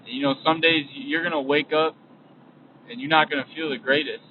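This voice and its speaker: Here a young man with a voice on the high side talks at a normal pace with fairly even intonation, hosting a podcast from his vehicle. His motivational talk is loose and repetitive, often trailing off before he starts over. It sounds lo-fi and distant, like a phone recording, with a bit of road noise.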